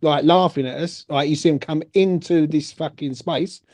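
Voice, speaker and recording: A man's voice: on the high side, moderate pace, darkish tone. A man hosting a casual football chat stream, laughing, swearing and full of slang. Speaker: podcast host.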